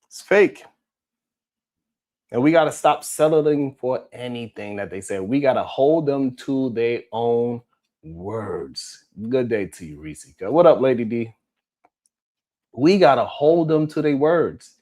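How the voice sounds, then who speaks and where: Speaking slowly in a mellow, mid-range voice with lively intonation, a man runs a live stream and reads out viewer comments. He gets heated in a casual way, swears a lot, and addresses people in the chat by name.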